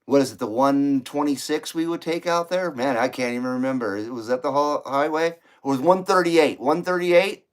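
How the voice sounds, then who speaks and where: A man's voice: fairly high pitch, a little fast, few pauses. A man from California hosting a live stream, reading viewer comments in a casual, joking, profane and rambling way. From Ventura County, California. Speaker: livestream host.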